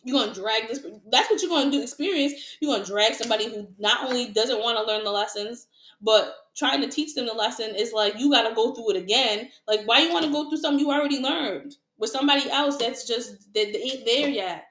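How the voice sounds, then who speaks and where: A woman's voice: fairly high pitch, fairly quick, fairly bright tone, echoey room. A woman giving a casual tarot reading to her viewers, frank and repetitive, asking rhetorical questions and laughing often. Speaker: tarot reader.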